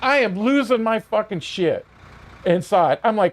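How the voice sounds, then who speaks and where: A man's voice: sits high, animated, unhurried. A man streaming a video game while telling a heated, profane story, often laughing.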